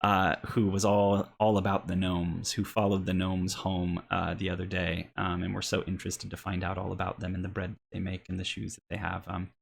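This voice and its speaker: A man's voice: low-pitched, monotone, moderate pace, creaky, few pauses, slight background noise. A man narrating a tabletop role-playing game as game master, rambling with many ums and restarts.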